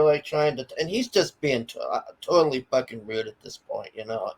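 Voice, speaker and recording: A man with a somewhat high-pitched voice rants in a loose, conversational way. He swears often and stammers through restarts, and he tells the story with blunt, heated energy. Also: poor audio. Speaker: commentary streamer. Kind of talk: casual ranting story.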